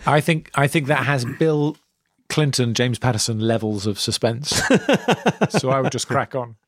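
A man co-hosting a casual podcast chat, teasing the others with quick jokes. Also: mid-range voice, fairly even intonation, dry recording. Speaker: podcast co-host.

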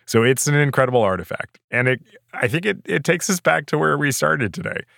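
A man's voice: on the high side, animated, fairly quick, gravelly, fairly bright tone, dry recording, studio quality. A man hosting a podcast, talking in a reflective, casual way and laughing easily. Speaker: podcast host.

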